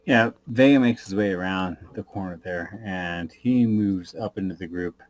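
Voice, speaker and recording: A man playing in a tabletop game, narrating his character's shooting in an unhurried, rambling way with mouth sound effects. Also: low voice. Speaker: player.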